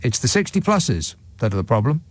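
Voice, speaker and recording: A man's voice: medium pitch, big pitch swings, a little fast. A man hosting a radio phone-in, talking in a sarcastic, mocking, dry-witted way. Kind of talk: opinionated talk radio monologue. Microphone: studio microphone.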